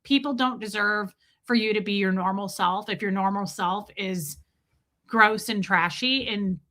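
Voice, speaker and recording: A woman's voice: mid-range voice, measured pace, pushed and bright. A woman hosting a live stream from home, telling a story to her chat in a chatty, blunt way and swearing freely.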